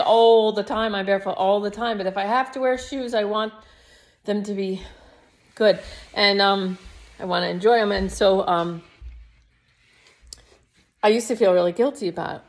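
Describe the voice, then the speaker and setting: A woman in her fifties, a yoga teacher, rambling reflectively through a personal video diary. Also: medium pitch. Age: 50s.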